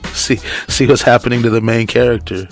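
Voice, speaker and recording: A man's voice: medium pitch, steady tone, brisk, gravelly, faint music behind. A man hosting a casual radio talk show in a laid-back way, chuckling between remarks.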